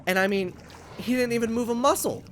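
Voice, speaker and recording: A young man casually commenting on his gameplay for viewers, excitable and rambling, talking to the creatures he meets. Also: very high-pitched, a little fast, a little hiss or hum. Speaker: gaming channel host. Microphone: USB condenser microphone.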